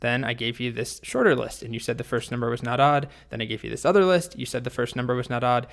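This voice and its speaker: A man's voice: mid-range voice, quick pace, vocal fry, lightly acted. A man voicing an earnest, polite young boy apprentice in a spoken story. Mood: triumphant.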